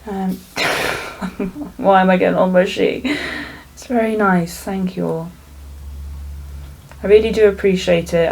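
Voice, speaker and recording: A woman's voice: medium pitch, gravelly, a little mellow, rough recording. A young woman from South Wales, chatting and rambling her way through a makeup tutorial at home, swearing freely. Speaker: beauty vlogger. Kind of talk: casual makeup tutorial chat. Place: home, indoors.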